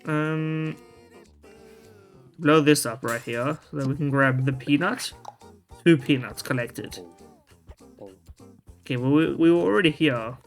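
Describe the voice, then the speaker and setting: A man with a slightly high voice rambles casually through his gameplay. He restarts sentences, tosses in slang and curses freely, and thinks out loud. Quiet game music plays beneath him. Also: unhurried, pauses often. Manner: rambling, self-interrupting, casual slang and swearing. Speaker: video game streamer. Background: faint game music.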